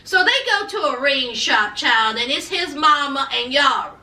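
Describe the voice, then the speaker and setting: Sassy, very high-voiced woman gossiping. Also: normal speed, distant mic. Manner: sassy and animated, calls viewers honey and child. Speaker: reality TV recap vlogger. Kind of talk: casual gossipy recap. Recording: echoey room, away from mic.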